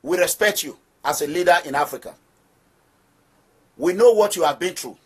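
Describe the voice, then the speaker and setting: A man's voice: on the high side, lively intonation, normal speed, breathy edge. A man with a Nigerian accent, leading an activist movement and giving emphatic political commentary straight to his listeners, repeating phrases for stress. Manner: preaching address to listeners. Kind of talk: direct-address political commentary.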